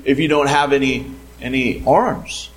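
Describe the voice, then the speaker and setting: A man voicing a deadpan male bell ringer in a joke. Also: medium pitch, unhurried, lightly acted, poor audio.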